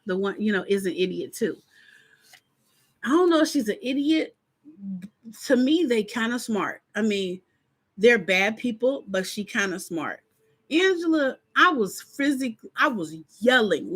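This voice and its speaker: A woman hosting a live stream in casual chat, talking straight to her viewers and acting out her own reactions. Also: medium pitch. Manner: chatty, animated, acts out her reactions; informal, talks straight to viewers.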